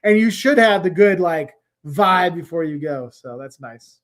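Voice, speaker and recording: A man's voice: a little high, lively intonation, a little slow. A middle-aged man hosting a casual travel livestream, chatting and rambling as he answers viewer comments.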